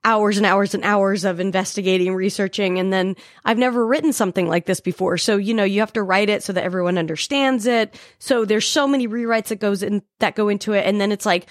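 A young woman guesting on a podcast, speaking in a relaxed, soft-spoken way. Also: medium pitch, a little fast, few pauses, no echo, clean studio sound. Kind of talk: casual chat.

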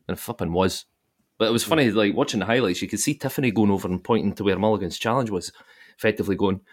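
A man's voice: lowish voice, very fast. A Scottish man co-hosting a podcast, chatting bluntly and swearing about football. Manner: blunt, sweary, repeats himself. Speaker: podcast co-host. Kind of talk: casual football chat.

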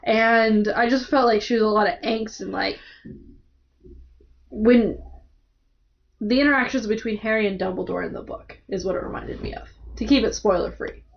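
A chatty, agreeable woman co-hosts a casual book podcast, her voice fairly high. The audio is slightly dull and lo-fi. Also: normal speed, creaky, pauses often, slight background noise.

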